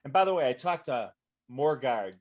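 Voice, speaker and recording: Lively storyteller guest, male, animated and expressive delivery. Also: medium pitch, moderate pace. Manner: lively storyteller, acts out quoted voices, trails off mid-sentence. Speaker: guest author in audience Q&A. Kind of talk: animated storytelling in casual chat.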